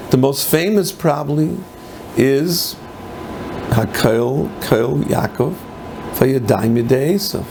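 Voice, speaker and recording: Older rabbi with a gravelly voice. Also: male voice, on the high side, a little mellow. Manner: mixes Hebrew and Yiddish terms, rhetorical questions. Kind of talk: Torah lecture. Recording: faint background noise.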